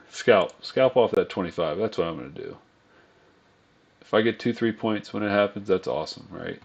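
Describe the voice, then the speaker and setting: A man streaming his own live trading session, talking to viewers, swearing often and muttering to calm himself between trades. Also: lowish voice, normal speed, creaky, lo-fi sound. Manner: calms himself down out loud.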